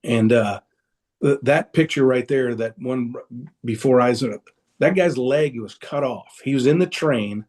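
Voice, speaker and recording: A man's voice: mid-range voice, measured pace, darkish tone. A man telling a personal story as a guest in a casual, rambling way, with many restarts, over a video call. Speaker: guest speaker.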